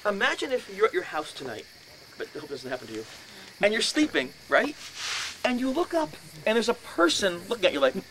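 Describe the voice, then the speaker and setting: A man in his fifties telling a ghost story to an audience, acting out his own voice with shouts and laughs. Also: high voice, wildly swooping pitch, fairly quick. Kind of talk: animated storytelling lecture. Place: lecture in a house. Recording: noisy room recording.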